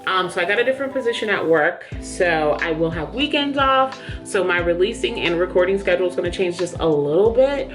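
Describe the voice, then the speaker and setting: A woman's voice: fairly low pitch, animated, fairly quick, hardly any pauses, music in the background. A woman book vlogger chatting candidly to camera in a small room under studio lights, a little out of breath. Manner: chatty, candid, says "yo" and "y'all". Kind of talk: casual chat to camera.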